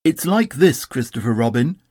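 A man's voice: mid-range voice, sing-song, normal speed, darkish tone, slightly rough, no echo, studio quality. A man voicing a fussy, self-important male rabbit who speaks solemnly and officiously, in a storybook reading.

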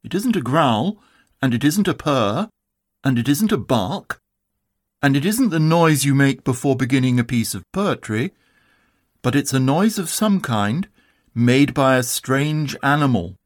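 Man reader voicing a gentle storybook bear, mild, ponderous, dry recording. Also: mid-range voice, lively intonation, measured pace, no echo, natural voice. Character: gentle sleepy male teddy bear. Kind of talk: storybook reading.

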